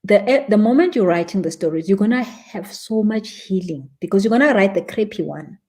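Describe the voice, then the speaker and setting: A woman's voice: medium pitch, animated, fairly quick, dark tone. A South African woman, a spiritual teacher, explains a ritual step by step in a chatty live stream and laughs easily at her own examples.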